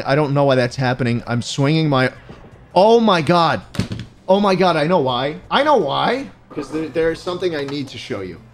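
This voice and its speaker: A young man giving crude, excitable gameplay commentary and yelling at the game. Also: a little high. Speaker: streamer.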